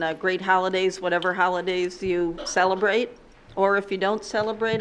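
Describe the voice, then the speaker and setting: A woman presiding over a school board meeting, relaxed and friendly as she runs the agenda and calls on trustees. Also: lowish voice, slight background noise. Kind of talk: chairing a public meeting. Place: public boardroom.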